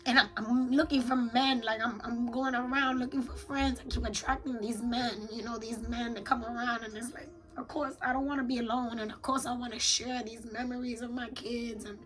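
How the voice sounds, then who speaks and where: A mother in her thirties journals on camera in a candid, confessional way, sounding weary and blunt and swearing often. Her voice is a little high and a bit bright, and the recording is rough.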